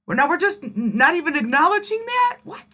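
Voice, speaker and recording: A woman's voice: very high voice, very animated, fast, sharp tone, a little hiss or hum. A woman giving sarcastic, incredulous reaction commentary on a video.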